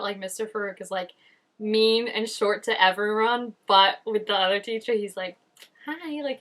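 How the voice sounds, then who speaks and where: A chatty woman with a fairly high voice hosts a reaction video, commenting casually on a show. She's animated, uses "like" a lot and laughs quickly, recording indoors at home in shifting daylight.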